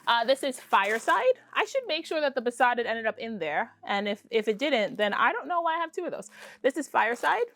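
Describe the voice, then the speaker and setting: A woman hosts a relaxed crafting vlog. Her voice sits a bit high, and she chats in an excitable way with self-deprecating asides. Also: fairly quick. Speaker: podcast host. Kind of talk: casual crafting vlog chat.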